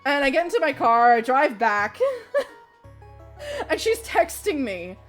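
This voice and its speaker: High-voiced young woman streamer. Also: a little slow, soft background music. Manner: animated, swears freely, laughs mid-sentence. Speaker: livestreamer. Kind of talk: casual storytelling.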